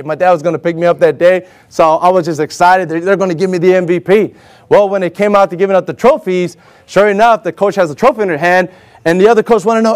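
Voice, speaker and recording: A man with a fairly high voice recounts a personal story to an audience. He tells it with energy and jumps into the voices of the people he quotes. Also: a little fast. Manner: animated, acts out other people's lines in raised voices. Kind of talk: personal anecdote told to an audience.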